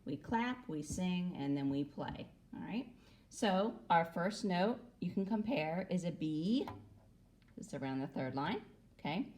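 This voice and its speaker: A woman's voice: deep voice, darkish tone. A woman music teacher gives a recorder lesson to children, patiently adding "okay?" after nearly every phrase.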